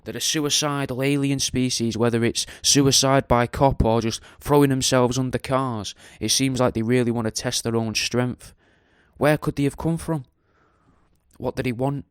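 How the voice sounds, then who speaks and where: A podcast host rambles through a casual monologue, jokey and sweary, in a mid-range, smooth voice with fairly even intonation at a normal speed. The recording is dry and clean, with studio sound.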